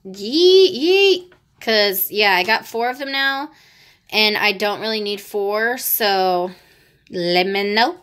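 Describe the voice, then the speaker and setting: A young woman vlogging as she unboxes an album, chatting casually and excitably, gasping, giggling and now and then dropping to a hushed whisper. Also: medium pitch, takes it slowly, smooth. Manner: excitable, gushing, with gasps, giggles and squeals; drops to hushed whispers at times.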